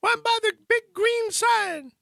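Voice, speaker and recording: A shrill, wailing young woman in hysterics, as a man puts her on in a high falsetto. She sobs, gasps and pleads between whimpers, stuck in full panic. The voice sits far above the storyteller's own and sounds tight and strained. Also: a little slow, creaky, sharp tone, no room sound, clean studio sound, heavily acted. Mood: panicked sobbing. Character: hysterical sobbing young woman stranded after a concert.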